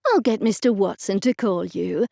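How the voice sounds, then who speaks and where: Woman narrator as perky, polite receptionist, lifted pitch. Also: moderate pace, gravelly, dry recording, studio quality. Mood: chirpy. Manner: animated and polite. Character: eager, chirpy woman receptionist.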